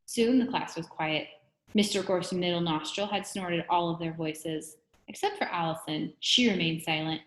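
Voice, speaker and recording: A woman reads a children's storybook aloud, expressive and steady. Her voice sits low for a woman, and it rings with a roomy echo. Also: moderate pace. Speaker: reader.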